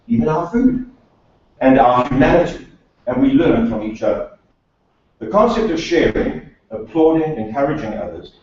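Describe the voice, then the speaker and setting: A man's voice: mid-range voice, a little mellow. South African man giving a wry, echoey speech. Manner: dry wry humour, rhetorical questions. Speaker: speaker, speech and accent coach. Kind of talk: prepared speech to a meeting. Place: meeting room of a professional association. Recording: echoey hall, distant dull mic.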